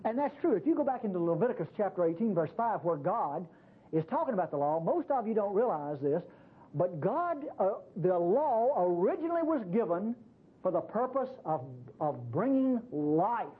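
A male pastor preaching in a loose, conversational way, his pitch swinging widely as he leans on each point. His voice is husky. The sound is thin and tinny, like a radio broadcast over a phone line. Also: normal speed. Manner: animated, conversational preaching with repeated "see". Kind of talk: sermon.

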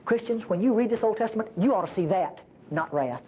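A woman preacher giving a sermon at a church service, emphatic and animated, often asking the congregation rhetorical questions. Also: medium pitch, fairly quick, breathy edge, highs cut off.

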